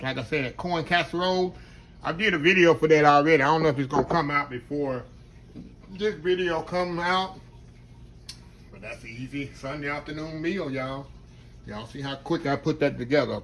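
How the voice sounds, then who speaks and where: A man hosting a casual home cooking vlog, talking warmly to his viewers and calling them "y'all". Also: medium pitch, slight background noise. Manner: chatty, often addresses viewers as "y'all". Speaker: cooking channel host. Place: home kitchen. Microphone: camera on tripod.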